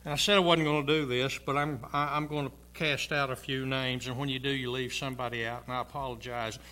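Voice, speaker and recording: A man's voice: medium pitch, fairly even intonation, quick pace, bright, forceful tone. A man in his sixties, a pastor preaching a sermon in a church and telling personal stories in a folksy, chuckling way. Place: church sanctuary.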